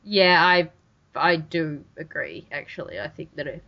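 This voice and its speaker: A woman with an Australian accent co-hosting a podcast in casual chat, talking fast with lots of restarts and fillers. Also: deep voice, expressive, creaky. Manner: chatty, many restarts and fillers. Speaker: podcast co-host. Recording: dull lo-fi recording.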